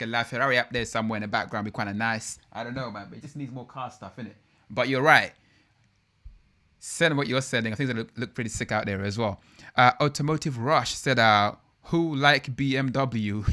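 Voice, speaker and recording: A man's voice: medium pitch, bright, forceful tone. A young man hosting a casual live stream, chatting loosely and reading out viewer comments. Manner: slangy, loose and chatty with many fillers.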